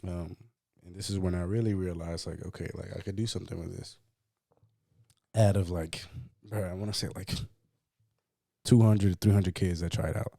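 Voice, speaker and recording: A man co-hosting a podcast, telling a personal story in a casual, profane, animated way and acting out what others said. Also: sits low, moderate pace, creaky, long pauses, dry recording, studio quality. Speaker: podcast co-host.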